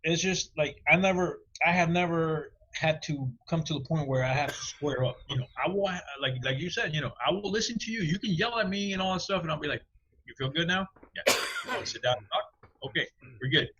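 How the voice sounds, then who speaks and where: A man co-hosting a podcast, telling an animated story and acting out the dialogue in a casual way. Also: on the high side, a little fast, muffled recording, a little hiss or hum. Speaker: podcast co-host. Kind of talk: casual chat.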